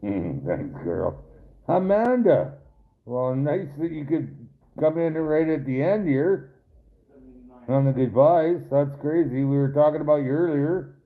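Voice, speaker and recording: Over tinny, phone-like audio, a man with a fairly high voice hosts a live stream at an unhurried pace. He reads his viewers' chat and answers them directly, rambling and swearing casually.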